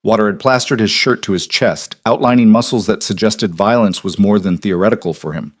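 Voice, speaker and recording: Guy reading a dramatic story, lowish voice, dead dry sound. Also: fairly quick, dry recording. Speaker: narrator. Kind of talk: scripted story narration.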